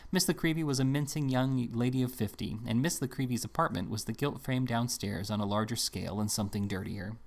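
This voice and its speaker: A man narrating an audiobook in a steady, measured reading. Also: medium pitch, creaky.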